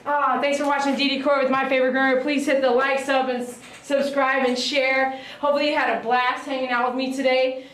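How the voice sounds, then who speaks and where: A woman's voice: high voice, flat delivery, brisk, a bit bright, slight background noise. A woman grooming a dog on a live stream, cooing and praising it in baby talk, recorded in a grooming salon. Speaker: dog groomer and channel host. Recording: echoey room, mic some distance away.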